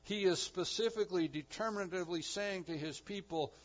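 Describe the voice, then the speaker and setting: A man preaching a sermon with emphatic delivery, rising to loud declarations and dropping to hushed low lines. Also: a little fast, muffled recording. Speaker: pastor.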